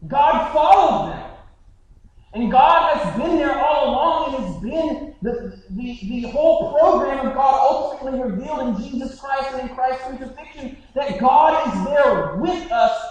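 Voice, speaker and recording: A man's voice: extremely high pitch, expressive, a little slow. A male pastor preaching a sermon in an earnest, conversational way, often restarting his phrases. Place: church sanctuary. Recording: very echoey hall, mic far off.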